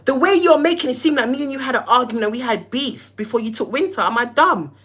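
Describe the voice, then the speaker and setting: A woman's voice: sits high, fairly bright tone. A young woman, hosting a livestream and heatedly telling a story, cussing and acting out both sides of phone calls. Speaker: live-stream host.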